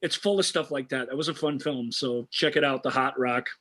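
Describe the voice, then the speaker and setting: A man's voice: mid-range voice, brisk, a crowd in the background. A man co-hosting a movie show, talking casually and enthusiastically, often restarting his sentences. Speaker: co-host of a movie review show. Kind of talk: casual film discussion.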